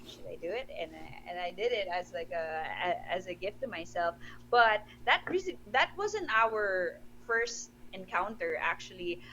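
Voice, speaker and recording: A woman's voice: lowish voice, animated, a little slow, pushed and bright, poor audio. Young woman from the Philippines, casual interview guest, eager, laughs often, restarts sentences, faint noise behind. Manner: enthusiastic, giggly, with frequent restarts and fillers. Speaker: wrestler and musician guest.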